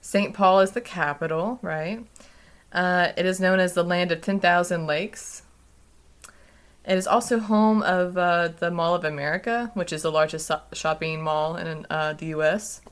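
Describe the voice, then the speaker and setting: A woman's voice: fairly low pitch, normal speed, smooth. A young woman co-hosting a casual podcast, chatting with many fillers and frequent giggles. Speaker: podcast co-host.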